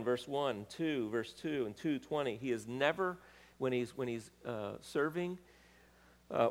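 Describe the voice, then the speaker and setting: A man preaching a sermon, reading scripture aloud with rising emphasis and pausing to correct himself. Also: medium pitch. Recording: long reverb of a large hall.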